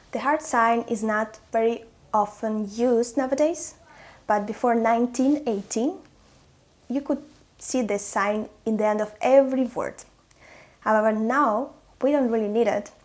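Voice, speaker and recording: A woman's voice: a little high, darkish tone. Woman teaching pronunciation. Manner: clear, demonstrative, repeats each example word. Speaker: language teacher. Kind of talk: pronunciation lesson.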